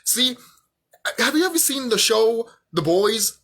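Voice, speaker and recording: A man's voice: very high-pitched, very animated, unhurried, sharp tone, husky. A young man vlogging a heated, profane rant, often repeating himself. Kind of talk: angry rant monologue.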